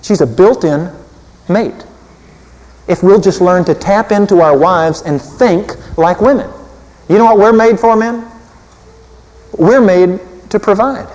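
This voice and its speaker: A fairly high-voiced man delivering a lively, joking sermon, his voice swinging from loud bursts down to quiet asides. The sound carries a long hall reverb, as from a large church. He keeps an easy, conversational preaching style throughout. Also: unhurried, pauses often, dull audio. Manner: animated, humorous, swinging from loud to soft.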